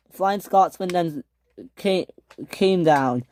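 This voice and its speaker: A storyteller narrating a home-made toy train adventure, with halting restarts and filler words. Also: medium pitch, darkish tone, dry recording.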